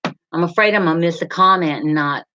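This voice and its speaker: Brisk and forceful, with a bright voice on the low side, a middle-aged woman rambles through viewer comments on her live stream and calls people by name. The slightly dull lo-fi recording carries a little hiss or hum.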